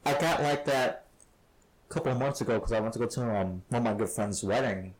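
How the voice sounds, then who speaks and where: A man's voice: medium pitch, brisk, a little hiss or hum. A man hosting a podcast, telling rambling stories in casual chat and laughing often. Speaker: podcast host. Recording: poor sound quality.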